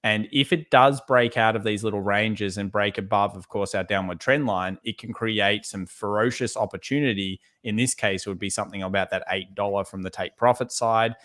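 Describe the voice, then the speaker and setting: A man co-hosting a live trading show, talking through charts in a relaxed way and repeating words for emphasis. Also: lowish voice, normal speed, few pauses. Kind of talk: live market analysis chat.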